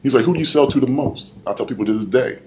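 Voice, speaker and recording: A man on a convention panel telling a story with excitement, laughing and acting out what people said. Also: medium pitch, racing, lo-fi sound, a little hiss or hum. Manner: excited, laughing, acts out quotes. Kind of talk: casual storytelling.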